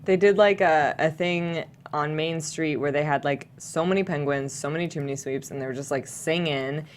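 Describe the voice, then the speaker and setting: A woman co-hosting a casual movie news chat, relaxed and a little hesitant as she tells stories. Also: sits low, moderate pace, a little hiss or hum. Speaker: co-host.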